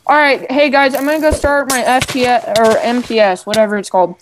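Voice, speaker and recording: A man's voice: extremely high pitch, fairly even intonation, a little fast. A male player in casual game chat with friends, grumbling and sarcastic. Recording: noisy home mic with clicks.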